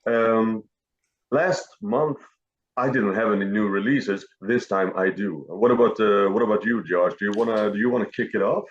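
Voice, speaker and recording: A man's voice: fairly low pitch, moderate pace. A man hosting a casual music podcast, playful and full of hesitant fillers. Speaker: podcast host. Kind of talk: casual chat. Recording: roomy, dull lo-fi sound.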